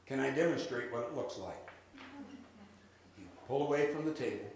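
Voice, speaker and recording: Energetic man coaching an audience. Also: medium pitch, moderate pace. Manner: lively, drills the audience in call-and-response. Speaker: real estate sales trainer. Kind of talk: live seminar presentation. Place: large room with an audience. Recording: echoey hall with faint noise.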